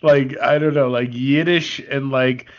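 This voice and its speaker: A man's voice: medium pitch, fairly even intonation, unhurried, lo-fi sound. A man co-hosting a podcast, joking and playful in casual comedy banter, fond of odd words. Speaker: podcast co-host.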